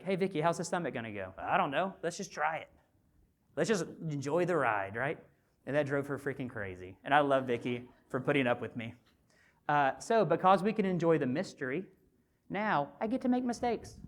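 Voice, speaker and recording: A male physician giving a motivational conference talk, conversational and animated, often asking the audience rhetorical questions. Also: mid-range voice. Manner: animated storyteller. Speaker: physician and speaker at a health summit.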